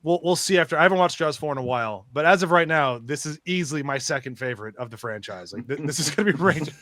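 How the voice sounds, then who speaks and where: A man's voice: on the high side, expressive, quick pace, fairly bright tone, no room sound. A man hosting a casual film podcast, chatty and loose, who laughs easily. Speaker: podcast host.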